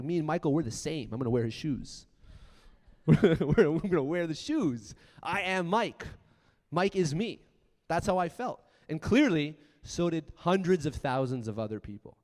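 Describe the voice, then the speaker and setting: A man giving a profane, punchy motivational keynote talk, swinging from loud bursts to quiet asides. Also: mid-range voice. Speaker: conference speaker. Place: large conference hall. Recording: long hall reverb.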